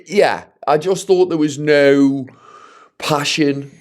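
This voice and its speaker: A man's voice: fairly high pitch, slow. A man co-hosting a podcast, trading jokey, teasing banter in casual chat. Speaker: podcast co-host.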